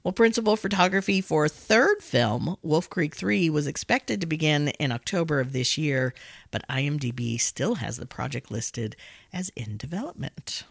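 A woman's voice: sits low, moderate pace, vocal fry, breathy edge, dry recording, studio quality. A woman hosting a podcast, recapping a horror film in a casual, jokey way with frequent laughs. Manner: animated, laughs often, jokey asides. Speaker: podcast host.

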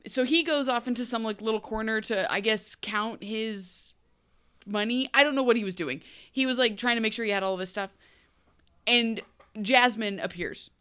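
Woman, podcast co-host, casual chat, animated, quick playful asides, smooth clear voice. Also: on the high side. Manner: animated, laughs often, acts out characters in quick asides. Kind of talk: casual chat recapping a TV show.

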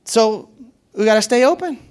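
A man's voice: high-pitched, lively intonation, normal speed. A man preaching a sermon as a pastor, in a conversational and playful way, often laughing and acting out what others said.

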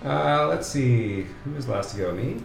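A man's voice: mid-range voice, lively intonation, a little slow, gravelly. A man narrating as game master in a casual, rambling way. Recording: echoey room with loud music.

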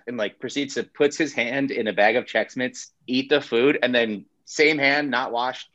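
A man's voice: medium pitch, normal speed, a bit bright, no room sound, lo-fi sound. A man and pizzeria owner telling his story in a casual chat, laid-back, swearing freely and acting out quotes.

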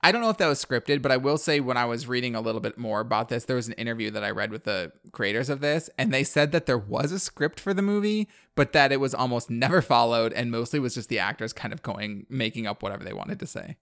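A man's voice: mid-range voice, fast, hardly any pauses, a bit bright. Rambling, chatty man recapping a film. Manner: rambling, heavy use of "like", laughs at his own recap. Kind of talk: casual chat recapping a movie.

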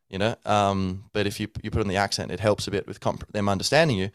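A man's voice: lowish voice, steady tone, fast talker, smooth, dry recording, clean studio sound. A man hosting a podcast, speaking in a loose, rambling monologue full of fillers and sounding tired from little sleep. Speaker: podcast host.

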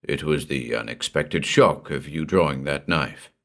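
A man reading a frightened, troubled young husband in an audiobook, with a low, subdued, muttering delivery. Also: unhurried, fairly bright tone. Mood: haunted, subdued.

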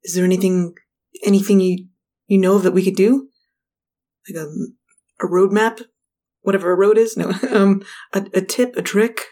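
A woman's voice: mid-range voice, fairly even intonation, moderate pace, long pauses, warm tone. A woman playing a tabletop game, thinking aloud with hesitant restarts. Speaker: player. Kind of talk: tabletop role-play.

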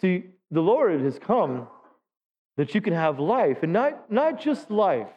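High-pitched guy preaching to his church, keeps asking the crowd stuff, muffled boomy recording. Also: very animated, takes it slowly. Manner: conversational preaching, asks the congregation questions. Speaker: pastor. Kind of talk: sermon. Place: church sanctuary. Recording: dull lo-fi sound with long hall reverb.

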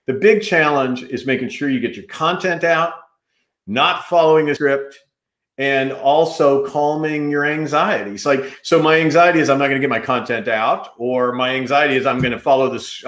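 Rich: A lively male host leading a live-streamed video-call interview, cutting in with quick asides. His voice sits in a middle register. The sound is roomy, with echo around him. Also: mid-range voice. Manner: energetic, jumps in, fast asides.

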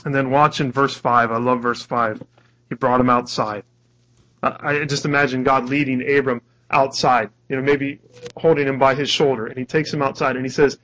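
Male pastor, earnest conversational sermon, middle pitch, muffled lo-fi recording. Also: fairly even intonation, moderate pace, fairly bright tone. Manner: earnest, conversational, restarts words. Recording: dull lo-fi recording.

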